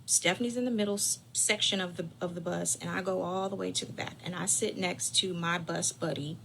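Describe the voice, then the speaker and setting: Woman, personal storytelling, bright forceful voice, dramatic, chatty, drops to whispers, faint background hum. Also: on the low side, steady tone, a little fast, vocal fry. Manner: chatty, addresses listeners directly. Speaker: caregiving channel host.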